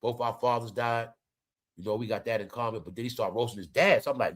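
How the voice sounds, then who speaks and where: A man giving animated, slangy casual commentary, often turning to his viewers. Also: medium pitch, quick pace. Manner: animated, slangy, keeps addressing the audience. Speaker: commentary vlogger.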